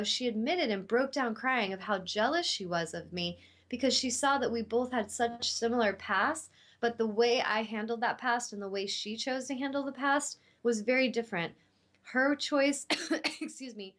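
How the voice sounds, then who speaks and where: A woman who works as an intuitive healer, talking earnestly and from the heart about love and forgiveness, with casual fillers. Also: mid-range voice. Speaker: intuitive healer and show host. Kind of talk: spiritual teaching talk.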